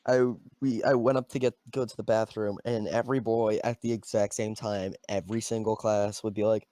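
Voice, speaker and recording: A man's voice: lowish voice, little pitch movement, fairly quick, dark tone, no room sound. A young man co-hosting a casual chat podcast, telling school stories with laughter and casual swearing. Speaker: podcast co-host.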